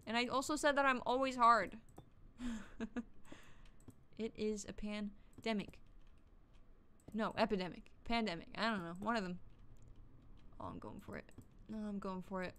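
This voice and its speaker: A woman's voice: medium pitch, lively intonation, moderate pace, long pauses, pushed and bright, a little hiss or hum. A woman streamer chatting casually through gameplay, joking and swearing to herself and yelping when startled. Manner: chatty, profane, jokey self-talk; jumpy, yelps when startled. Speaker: gaming streamer.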